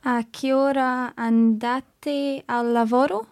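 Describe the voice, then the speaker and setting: A woman's voice: high-pitched, fairly even intonation, takes it slowly, darkish tone. A woman learning a language on a podcast, answering tentatively and thinking aloud before she answers.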